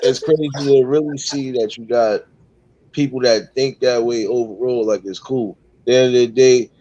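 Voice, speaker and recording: A man's voice: medium pitch, fairly even intonation, warm tone. A man hosting a casual panel discussion, talking reflectively and at length, often repeating "man" and "overall". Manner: reflective, drawn-out talk with many fillers. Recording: dull, dry lo-fi audio.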